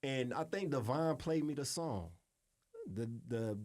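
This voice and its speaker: A middle-aged man speaks at an ordinary mid pitch, easygoing and casual. He tells his stories in an interview, dropping in swear words and repeated asides. The tone stays loose and conversational. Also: lively intonation, unhurried, darkish tone, no room sound, clean studio sound. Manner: laid-back, profane, often adds "you know what I'm saying". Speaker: music producer, interview guest.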